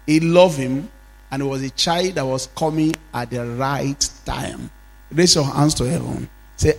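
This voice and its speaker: A man's voice: medium pitch, measured pace, vocal fry, darkish tone, big-room sound. A man pastor preaching a sermon, leading fervent prayers and having the congregation repeat declarations after him.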